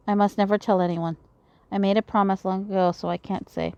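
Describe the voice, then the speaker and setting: A woman voicing an earnest, open-hearted young man who speaks sincerely and a little haltingly. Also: medium pitch, fairly even intonation, warm tone, smooth, dry recording, highs cut off, lightly acted. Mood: troubled.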